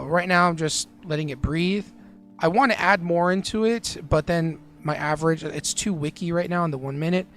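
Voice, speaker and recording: Easygoing male trading streamer, faint music. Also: on the high side. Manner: relaxed, filler-heavy, chatting with viewers while trading. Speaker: live-stream day trading host. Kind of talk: casual live-stream commentary.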